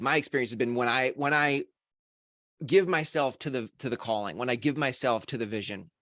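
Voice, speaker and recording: A podcast host, a man with a middle-pitched voice, reflects thoughtfully on his own experience. He is recorded dry and close, with no room sound. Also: a bit bright, dry recording. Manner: listens with frequent murmured agreement, then reflects thoughtfully. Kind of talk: casual conversation.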